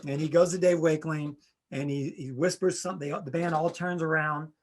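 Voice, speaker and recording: A man's voice: a little high, steady tone, a little fast. A middle-aged man hosting a podcast, chatting casually and telling rambling stories, often acting out the people he quotes. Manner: rambling storyteller, acts out quotes with voices. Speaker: podcast host. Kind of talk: casual chat.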